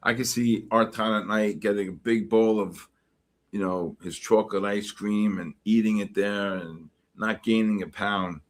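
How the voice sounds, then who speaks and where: A man's voice: fairly low pitch, fairly even intonation, measured pace. A middle-aged man hosting a livestream, chatting casually and reacting to comments with joking exasperation. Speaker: livestream host. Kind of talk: casual chat reading live comments.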